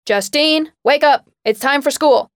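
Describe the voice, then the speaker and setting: A woman voicing an exasperated mother who shouts orders at her teenage daughter through a door. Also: high voice, measured pace, no echo, studio quality, voice pushed up. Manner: shouting, frustrated and commanding.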